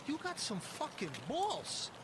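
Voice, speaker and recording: A man's voice: very high voice, sing-song, slow. A man in casual chat, ranting in disbelief with some swearing. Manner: incredulous, ranting, profane. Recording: clear background noise.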